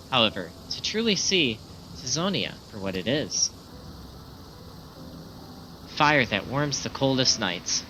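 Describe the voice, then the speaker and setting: A man's voice: mid-range voice, sharp tone, a little hiss or hum, poor audio. A man voicing a proud, devoted male soldier captain, reading solemn formal lines close to his own voice over game music.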